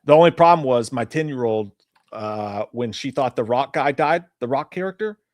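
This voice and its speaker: A man's voice: medium pitch, animated, moderate pace, a little mellow, dry recording, studio quality. A man in his thirties co-hosting a casual live-stream chat show, rambling through stories and swearing freely. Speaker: podcast co-host.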